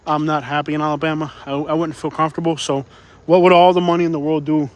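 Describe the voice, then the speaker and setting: A man vlogs live from city streets with a phone in his hand, slightly out of breath as he walks. He rambles, circles back over his points, and answers viewers in a fairly high voice. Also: flat delivery, quick pace. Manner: rambling, repeats himself, reads chat aloud. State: out of breath from walking. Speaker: live-stream vlogger. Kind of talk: casual live-stream walking commentary.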